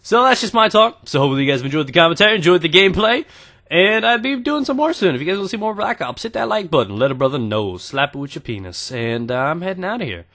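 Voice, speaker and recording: Brief: young man, twenties, gaming commentator, animated and crude, pitch jumping all over while he rambles. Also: fast talker. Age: 20s. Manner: crude joking, animated storytelling. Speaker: gaming YouTuber. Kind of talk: gameplay commentary with storytelling.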